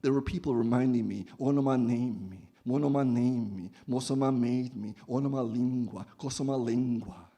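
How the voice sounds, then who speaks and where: A man's voice: medium pitch, normal speed, hardly any pauses, mellow. A man performing his own poem with a chanting, repetitive cadence, then talking about poetry. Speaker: poet. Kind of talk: poetry reading and discussion.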